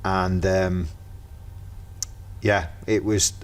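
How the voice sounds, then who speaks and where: A middle-aged man with a Merseyside accent talks as a guest on a podcast, in a very low, deep voice. He tells his stories lively and casually, acting out each person's lines himself. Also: extremely slow, a little hiss or hum. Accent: Merseyside English. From Merseyside, England. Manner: lively anecdotal storyteller acting out dialogue. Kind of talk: casual chat.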